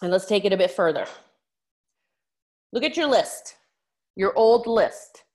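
A woman life coach talking on her own podcast, frank and encouraging, who swears casually and calls her listeners out as a tough-love coach. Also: a little slow. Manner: frank, swears casually, animated shifts in pitch. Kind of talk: solo podcast coaching talk.

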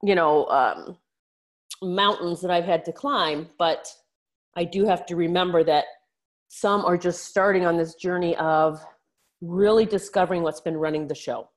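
A woman life coach talking on her own podcast, frank and encouraging, who swears casually and calls her listeners out as a tough-love coach. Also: a little slow. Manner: frank, swears casually, animated shifts in pitch. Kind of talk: solo podcast coaching talk.

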